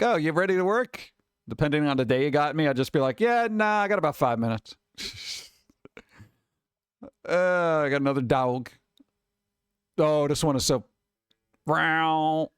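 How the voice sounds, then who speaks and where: A man hosting a live stream, talking casually and chattily with relaxed asides. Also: fairly high pitch, smooth, no echo, clean studio sound. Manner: laid-back, chatty, trailing off into asides. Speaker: streamer host.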